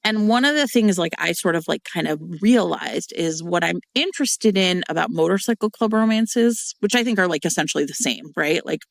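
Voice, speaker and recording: A woman co-hosting a podcast in casual chat, animated and loose, full of fillers and the odd swear word. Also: fairly low pitch, brisk, gravelly, few pauses, no echo. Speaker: podcast co-host.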